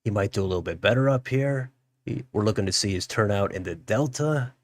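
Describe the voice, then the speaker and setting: Male host, low voice, dry close sound, musing live election commentary. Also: lively intonation, a little fast, no echo. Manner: musing aloud, thinking through results. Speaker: political livestream host.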